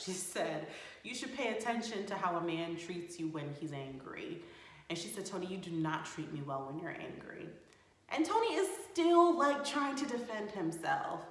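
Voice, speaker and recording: Female recap host, expressive delivery, bare echoing room. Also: fairly low pitch. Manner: animated, exasperated commentary with laughs. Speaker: reality show recap host. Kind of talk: casual reality TV recap. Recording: very echoey room.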